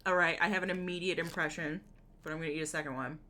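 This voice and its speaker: A woman's voice: sits low, steady tone, fast talker, bright, forceful tone, slight background noise. A woman streaming from home, chatting casually with her viewers, giggling often and rambling through lots of fillers. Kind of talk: casual live-stream chat.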